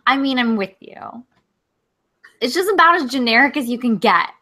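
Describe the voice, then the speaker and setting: A young woman co-hosting a nerdy comedy podcast in a high, bright voice. She chats loosely and laughs a lot. She keeps nudging the talk back to the next topic. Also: animated, normal speed. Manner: chatty, laughs often, steers the conversation. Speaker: co-host. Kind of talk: casual comedy podcast chat.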